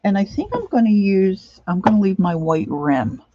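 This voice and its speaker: A woman's voice: medium pitch, big pitch swings, moderate pace, no room sound, dull audio. A middle-aged woman chatting casually as she works on a craft project, rambling on and answering viewers' comments.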